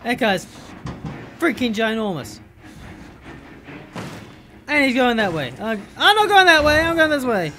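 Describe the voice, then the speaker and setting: A gamer giving profane, exasperated running commentary over a horror game and yelling at the screen in bursts. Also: mid-range voice, very animated, a little slow, long pauses. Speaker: let's play gamer. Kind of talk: live gameplay commentary.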